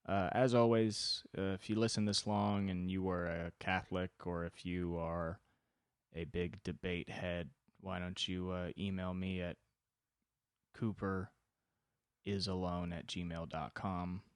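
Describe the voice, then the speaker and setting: A man hosting a solo podcast, rambling with wry deadpan humor and sudden jumps in pitch. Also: measured pace, clear, resonant tone, no room sound, studio quality. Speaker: podcast host.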